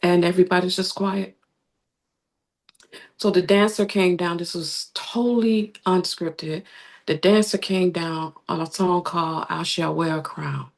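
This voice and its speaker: Animated woman telling stories. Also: fairly low pitch, unhurried. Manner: animated storyteller, acts out quoted voices. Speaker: interview guest. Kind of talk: conversational storytelling.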